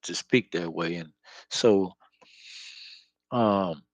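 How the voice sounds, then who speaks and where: A man's voice: deep voice, drawn-out words, no room sound, low-quality recording. A man talking in a loose, slangy, profane monologue full of fillers, close to the mic. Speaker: spiritual vlogger. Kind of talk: casual rambling monologue.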